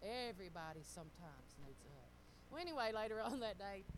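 A middle-aged woman, telling stories in a casual sermon, animated and laughing often as she talks to the congregation. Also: medium pitch, a little fast, a little hiss or hum, rough recording. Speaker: pastor's wife.

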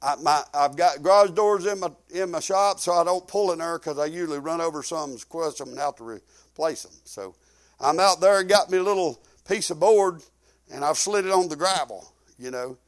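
A man, preaching a sermon through rambling, folksy personal stories. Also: moderate pace. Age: 50s. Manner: folksy, rambling, drops low when quoting himself. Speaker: pastor. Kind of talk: sermon storytelling.

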